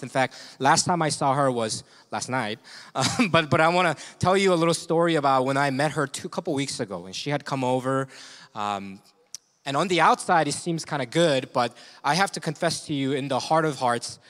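A man's voice: mid-range voice, a bit bright. A man preaching as a pastor in a candid, conversational sermon, confessional and chuckling often. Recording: long reverb of a large hall.

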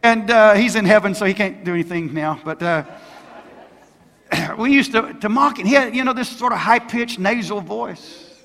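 An older man in his sixties delivers a sermon from the pulpit, his voice pitched very high and bright with a forceful edge. He speaks emphatically, tossing questions out to the congregation. The sound carries a long church reverb. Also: normal speed, creaky. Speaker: pastor. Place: church sanctuary.

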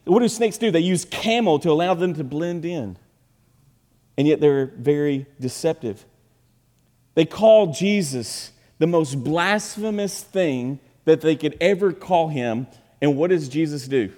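A man preaching a sermon in a high, bright voice, swinging from forceful, emphatic peaks down to quiet, low asides. The sound carries a long reverb from a large church hall. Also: animated, a little slow. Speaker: pastor. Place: church sanctuary.

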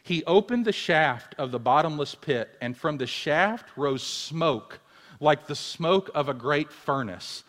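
A man's voice: fairly high pitch, lively intonation, unhurried, fairly bright tone. A man preaching a sermon with emphasis, repeating words for force as he builds his points. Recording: long hall reverb.

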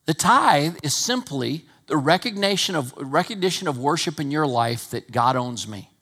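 A man preaching a sermon in a Wyoming accent, rising to loud emphatic peaks and then dropping to low, conversational asides. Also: animated, normal speed. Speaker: pastor.

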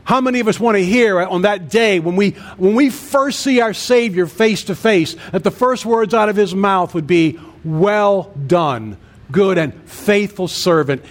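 Older guy in his 60s preaching, high voice, earnest and rhythmic, lots of repeated lists. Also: a little slow, hardly any pauses. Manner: earnest preaching cadence, repetitive emphatic lists. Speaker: pastor. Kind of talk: sermon.

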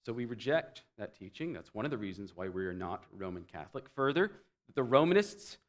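A man preaching a teaching sermon, explaining doctrine and swinging between loud emphatic phrases and quiet low asides. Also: sing-song, brisk. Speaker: pastor.

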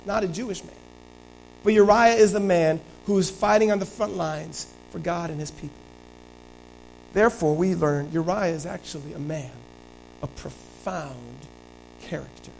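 High-voiced animated male preacher. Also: moderate pace, creaky, long pauses, a little hiss or hum, low-quality recording. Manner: animated storytelling, shifting between loud and quiet. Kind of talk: sermon.

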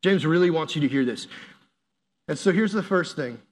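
A man's voice: on the high side, moderate pace. A man preaching a casual, jokey sermon, telling stories and laughing as he talks. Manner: animated, jokey storytelling with laughs. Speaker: youth pastor.

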